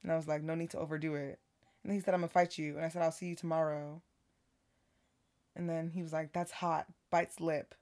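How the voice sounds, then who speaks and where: A woman with a low-set speaking voice tells a story on a casual podcast. She acts out both sides of a text conversation in an animated, laughing way. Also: fairly quick. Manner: animated retelling of text messages, laughing often. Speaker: podcast co-host.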